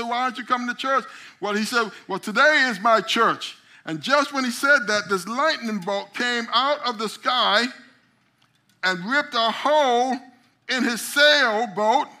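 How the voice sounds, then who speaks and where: A middle-aged man teaching a group, acting out little stories with voices as he goes. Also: very high voice. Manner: animated storyteller, acts out voices. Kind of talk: teaching a memory drawing lesson.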